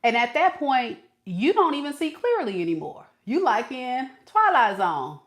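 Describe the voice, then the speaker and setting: A woman's voice: sits high, measured pace. Chatty woman giving a tarot reading. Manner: chatty, animated, acts out quoted voices, laughs at herself. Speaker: tarot reader. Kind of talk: casual spiritual reading to camera.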